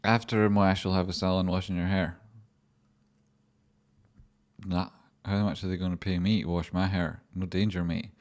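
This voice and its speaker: A man's voice: deep voice, little pitch movement, moderate pace, long pauses. A young man hosting a livestream, rambling and joking with lots of swearing. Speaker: livestream host. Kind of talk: casual livestream chat.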